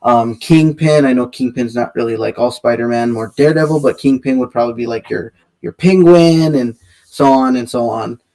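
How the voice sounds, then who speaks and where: A man co-hosting a casual podcast, chatting with many fillers and pauses. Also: medium pitch, darkish tone. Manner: chatty, hesitant, lots of fillers.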